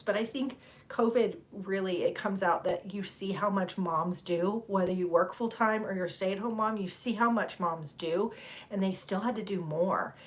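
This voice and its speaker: A middle-aged woman, chatting casually with viewers on a livestream, rambling and laughing. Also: medium pitch. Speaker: livestream host. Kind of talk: casual chat with live viewers.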